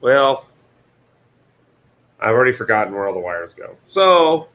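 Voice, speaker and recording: A man's voice: medium pitch, sing-song, a little slow, fairly bright tone. A man hosting a casual livestream, joking and swearing loosely while wiring a printer. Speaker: host building a printer enclosure.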